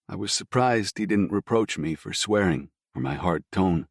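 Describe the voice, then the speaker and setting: Deep-voiced man reading a story. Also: animated, normal speed, husky, no room sound, clean studio sound. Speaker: audiobook narrator. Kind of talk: scripted first-person narration.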